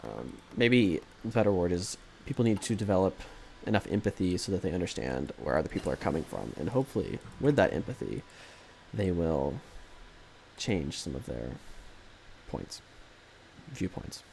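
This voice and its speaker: A man's voice: low voice, big pitch swings, normal speed, creaky, mellow, a little hiss or hum. A man streaming a strategy game live, commentating casually in a rambling, jokey way that keeps correcting itself.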